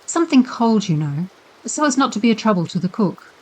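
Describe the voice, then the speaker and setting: Woman voicing a smooth-talking polite schoolboy. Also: mid-range voice, very animated, fairly quick, darkish tone, voice pushed up, rough recording. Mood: earnest. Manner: overly polite, earnest. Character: polite, scheming schoolboy, charming and earnest.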